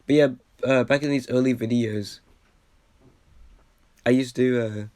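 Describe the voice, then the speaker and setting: A man's voice: mid-range voice, fairly even intonation, unhurried, pauses often, mellow, no echo. A man who is a bit under the weather talks through his old video in loose, rambling commentary. He restarts sentences and keeps poking fun at himself. His mid-range voice sits in a dry, close recording with no room sound. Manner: rambling, lots of fillers and restarts, self-deprecating. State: a bit sick. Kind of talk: casual commentary.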